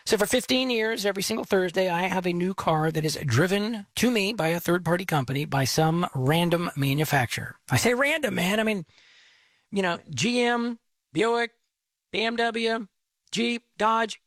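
A man's voice: high voice, normal speed, fairly bright tone, dry recording. A middle-aged man hosting a call-in radio show in a rambling, chatty manner with lots of fillers. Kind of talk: casual radio talk.

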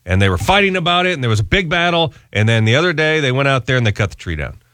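Radio host, male, lively storyteller, dry close sound. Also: racing, no room sound. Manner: animated storyteller, acts out squeaky voices. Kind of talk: casual radio chat.

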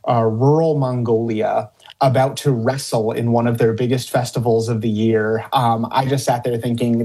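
Gravelly, husky man telling stories. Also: mid-range voice, steady tone, moderate pace, warm tone. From upstate New York. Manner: rambling, many fillers and restarts, chuckles often. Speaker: biologist and TV cryptid hunter. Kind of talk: casual interview answers.

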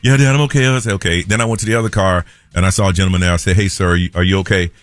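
A man, a morning radio host telling a story in an animated way and acting out the people in it. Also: sits low, rapid-fire, no echo, clean studio sound. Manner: animated storyteller, acts out quoted voices.

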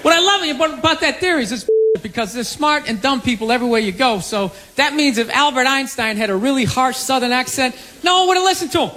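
A man's voice: very high-pitched, lively intonation, fast talker, hardly any pauses, bright, forceful tone. A man doing stand-up comedy, riffing loosely and profanely. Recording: live club clip with crowd laughter and noise. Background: audience laughter.

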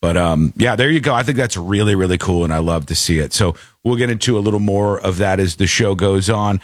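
A man from the United States hosting a casual talk show, speaking in a lively, animated way with frequent laughter. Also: sits low, a little fast, no echo, studio quality. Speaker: podcast host. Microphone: studio mic.

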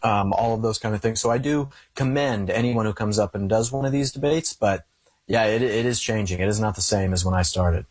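A man's voice: on the low side, fairly quick, slightly rough, no room sound. A young man speaking earnestly as an interview guest, telling stories and making his case in conversation. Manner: earnest, storytelling with acted quotes. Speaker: guest, conservative commentator.

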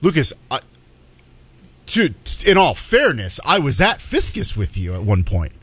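A man's voice: medium pitch, huge pitch swings, unhurried, a bit bright, husky. A young man hosting a casual sports radio show, rambling and restarting his sentences. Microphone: studio microphone.

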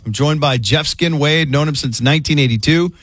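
A man's voice: fairly high pitch, a little fast, fairly bright tone, faint music behind. Chatty middle-aged man hosting morning radio. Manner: loose, chatty storytelling with frequent fillers. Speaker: morning radio show host. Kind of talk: casual morning radio banter.

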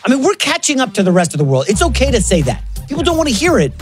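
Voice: mid-range voice, wildly swooping pitch, very fast. A sports show co-host with a mid-range voice, talking in a chatty, conversational way as they set up each story. A faint music bed runs underneath. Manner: chatty, conversational, brings in topics. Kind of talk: casual sports talk.

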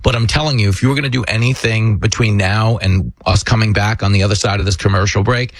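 A man's voice: fairly low pitch, steady tone, fast talker, dry recording. A man hosting a political commentary show, talking emphatically and sarcastically. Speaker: show host.

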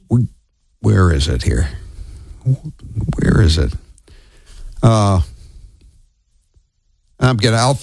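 A male talk radio host with a lively, swooping delivery, blunt and scornful, often restarting his sentences. His voice sounds close and dry, with no room around it. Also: low voice, dry recording. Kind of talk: opinionated talk radio chat.

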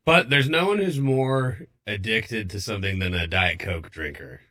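A man with a low, husky voice, lively in pitch and bright in tone. He jokes and teases his co-hosts in casual studio banter. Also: moderate pace. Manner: playful, teasing. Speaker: show regular, producer. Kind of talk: casual talk show banter.

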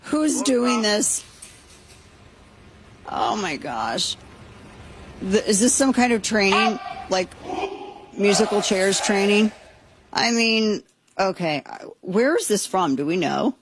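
A woman's voice: medium pitch, lively intonation, slow, pauses often, background noise. A woman hosting a talk radio show, reacting with incredulous, joking exclamations. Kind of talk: casual talk radio commentary.

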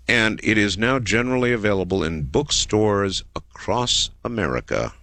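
A man hosting a late-night call-in radio show, taking callers with a dramatic, drawn-out delivery. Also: on the low side, animated, sharp tone, dry recording. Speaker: radio talk show host. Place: radio studio.

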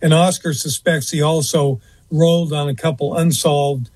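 A man's voice: fairly high pitch, steady tone, a little mellow, husky, no room sound. A man telling a long story as an interview guest, rambling a little with frequent fillers and restarts. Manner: rambling, fills pauses with uh and um, restarts. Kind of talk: anecdotal storytelling in conversation.

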